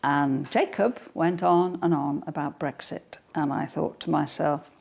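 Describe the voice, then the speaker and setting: A woman's voice: sits low, fairly even intonation, unhurried, vocal fry, a little mellow. An older woman being interviewed at home, talking in a forthright, blunt, straight-talking manner. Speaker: guest. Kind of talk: political interview.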